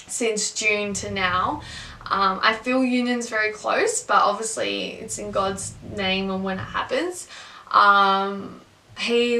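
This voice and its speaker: A woman's voice: medium pitch, pushed and bright. A woman in her twenties rambling candidly through a personal story, with lots of fillers, as a vlogger. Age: 20s. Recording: echoey room, mic at a distance.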